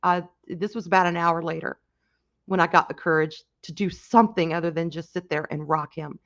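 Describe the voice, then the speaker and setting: A woman's voice: lowish voice, steady tone, fairly bright tone. Emotional woman on a lo-fi livestream. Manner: halting, emotional, with many restarts; reads and answers chat comments. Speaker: livestream host. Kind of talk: casual livestream chat.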